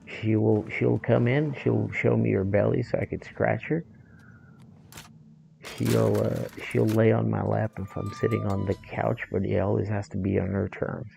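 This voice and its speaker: A man's voice: fairly low pitch, level tone, measured pace, gravelly, warm tone, slight background noise, poor audio. A male streamer chatting casually while gaming, rambling, swearing and joking.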